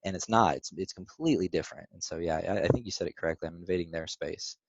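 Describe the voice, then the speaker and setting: A man hosting a casual interview over the phone, chatty and quick to laugh as he shares stories. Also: low voice, vocal fry, breathy edge, no room sound. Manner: chatty, laughs often, lively anecdotes. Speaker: interview host. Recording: dry, dull phone-call audio.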